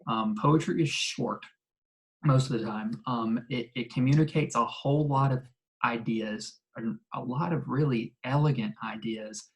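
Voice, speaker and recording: A male English teacher walks his ninth graders through a recorded remote lesson. He explains in a relaxed, chatty way, full of ums, likes and restarts. His voice sits at a middle pitch for a man. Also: unhurried, rough recording. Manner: casual, explanatory, many fillers and restarts.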